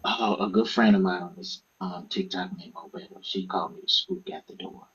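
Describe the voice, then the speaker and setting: A man, an author and podcast guest, telling stories in a casual, profane, animated way and acting out what others said. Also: low-pitched, fairly quick, husky, dull audio. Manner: animated, profane, acts out quoted speech. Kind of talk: casual storytelling interview.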